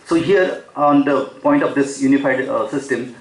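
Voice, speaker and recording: A man's voice: mid-range voice, little pitch movement, moderate pace. Man lecturing in an echoey hall. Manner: unscripted, frequent fillers and self-corrections. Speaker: speaker at an academic seminar. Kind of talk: academic lecture. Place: seminar hall.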